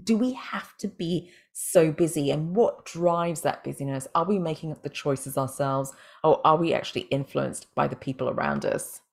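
A woman hosts a casual podcast chat, her voice sitting low with a gravelly edge. She talks in an easygoing, chatty way, with fillers sprinkled through her questions. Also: normal speed, few pauses. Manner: chatty, with frequent fillers like "like" and "you know". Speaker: podcast host and family doctor.

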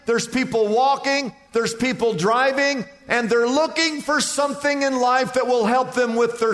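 A man preaching a sermon as pastor, building lists to shouted peaks. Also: very high voice. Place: large church sanctuary. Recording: church hall reverb.

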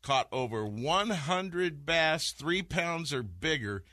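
A man's voice: a little high, animated, takes it slowly, bright, forceful tone, dry recording, studio quality. Joking folksy radio host man. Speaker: radio fishing show host. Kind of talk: casual radio talk. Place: radio studio. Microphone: studio mic with headphones.

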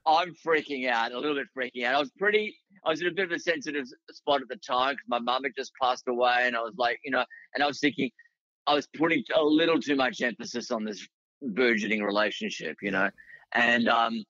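A man's voice: mid-range voice, quick pace, sharp tone, no room sound, highs cut off. An Australian man telling rambling anecdotes as a guest, with many restarts and fillers. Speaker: guest, writer and actor. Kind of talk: casual storytelling in a podcast interview.

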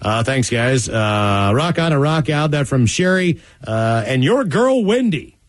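Lively, laughing radio host man. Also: medium pitch, a little slow, no room sound. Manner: laughs often, mimics listeners' voices. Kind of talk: reading listener emails on air.

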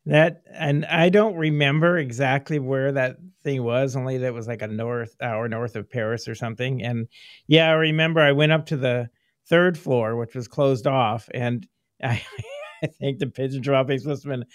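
A man's voice: mid-range voice, fairly even intonation, normal speed, no echo. A middle-aged man hosting a casual interview, rambling and laughing often as he reminisces. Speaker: podcast host, former filmmaker.

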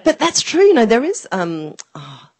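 A woman's voice: fairly high pitch, wildly swooping pitch, normal speed, a little mellow. A woman co-hosting a podcast in casual chat, rambling with many asides and a wry sense of humour. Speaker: podcast co-host.

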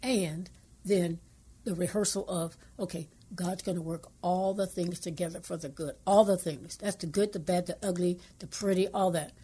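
A woman co-hosting a Christian radio talk show, speaking earnestly and quoting scripture, sometimes dropping into hushed asides. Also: lowish voice, fairly even intonation, moderate pace, slightly rough.

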